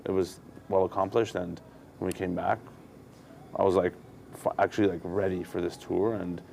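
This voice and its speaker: A man's voice: sits low, normal speed, creaky, a little hiss or hum. A man, a touring comedian, telling candid, profane stories in casual chat as a podcast guest. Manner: candid, profane, animated storytelling. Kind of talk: casual storytelling.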